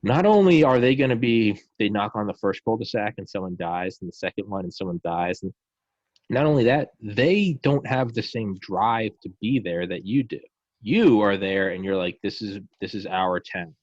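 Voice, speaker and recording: A man in casual podcast chat, ranting in a profane, animated way and slipping into mocking voices. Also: on the low side, moderate pace, dry recording, dull audio.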